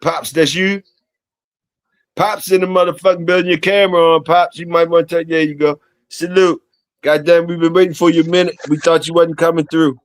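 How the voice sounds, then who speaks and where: A man's voice: a little high, little pitch movement, brisk, no echo. A man hosting a casual livestream, talking in slangy, profane, repetitive banter to his chat and guests. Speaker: livestream host.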